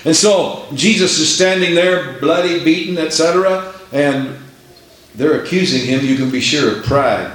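A man's voice: on the high side, moderate pace, fairly bright tone. A man preaching a sermon emphatically, acting out the voices in scripture. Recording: echoey room.

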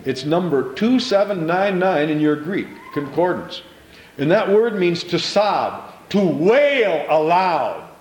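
A male pastor preaching an impassioned sermon in a church, repeating phrases and stumbling into quick restarts as he builds. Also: high-pitched, very animated, a little mellow, echoey room, low-quality recording.

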